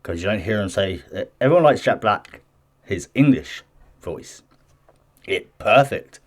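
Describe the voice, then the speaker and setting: Man, low-ish voice, casual gaming news commentary, reads an article with chatty asides, stumbles and restarts. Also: lively intonation, a little slow. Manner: chatty and defensive, stumbles and restarts while reading. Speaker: gaming news channel host. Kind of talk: casual commentary mixed with reading news aloud.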